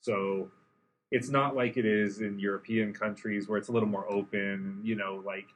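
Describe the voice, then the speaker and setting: Low-voiced American man, animated podcast chat. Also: normal speed, a little hiss or hum, low-quality recording. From United States. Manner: animated, acts out quotes in funny voices. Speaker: podcast co-host. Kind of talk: casual chat.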